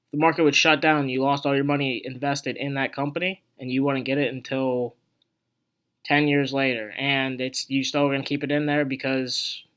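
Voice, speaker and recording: A man's voice: medium pitch, fairly bright tone. A young man hosting an investing video, casually explaining a stock chart in a rambling, conversational way full of asides and filler words.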